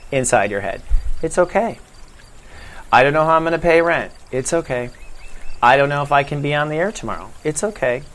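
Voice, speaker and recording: A middle-aged man hosting his own spiritual video series, talking gently and reassuringly to camera in a casual way. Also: mid-range voice. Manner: gentle, reassuring, repeats a soothing phrase. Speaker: spiritual vlog host. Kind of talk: casual spiritual vlog talk.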